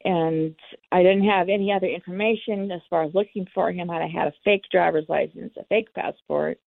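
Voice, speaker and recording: A woman's voice: fairly low pitch, steady tone, normal speed, vocal fry, no echo. A woman telling her own story in an interview, candid and acting out the dialogue. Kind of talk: personal storytelling. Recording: tinny phone line, dry.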